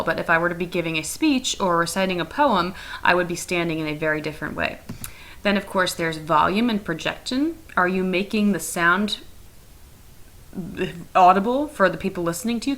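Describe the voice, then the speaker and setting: Chatty, bright-voiced young woman teacher. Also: lowish voice, slight background noise, poor audio. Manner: chatty, playful and fast-talking. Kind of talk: recorded classroom lesson. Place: home, sitting on a couch.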